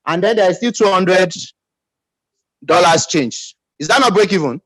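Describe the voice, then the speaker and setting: Emphatic Nigerian man, lively high voice. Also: moderate pace, no echo, low-quality recording. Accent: Nigerian English. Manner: emphatic, calls for audience responses. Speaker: business team leader. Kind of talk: motivational pep talk.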